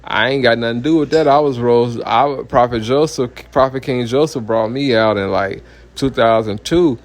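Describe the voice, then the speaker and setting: A man's voice: mid-range voice, normal speed. A man, a minister giving a heated, blunt personal testimony full of profanity and repeated "you know what I mean".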